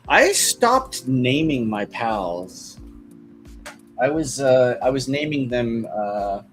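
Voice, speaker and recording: Man, middle pitch, casual art-stream chatter, laid-back and rambling, faint music behind. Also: sing-song, takes it slowly, creaky. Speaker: artist streaming while drawing.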